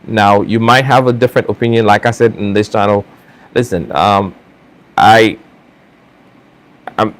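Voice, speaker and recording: Accented man, slightly low voice, earnest halting vlog host with lots of restarts. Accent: non-native English accent. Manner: halting, many restarts and fillers; earnest, talks straight to viewers. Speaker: channel host. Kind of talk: casual opinion vlog to camera.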